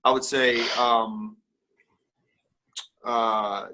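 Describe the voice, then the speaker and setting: A man's voice: mid-range voice, steady tone, very slow, bright, forceful tone. A man speaking as a guest in a casual interview, rambling and candid, with lots of fillers and restarts.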